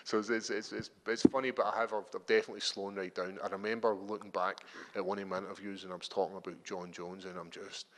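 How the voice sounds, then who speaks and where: A Scottish man with a fairly low voice, talking in a media day interview. He tells his stories in an animated, chatty way and trips over his own restarts. A long hall reverb trails behind every word. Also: quick pace, hardly any pauses. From Scotland. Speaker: MMA fighter.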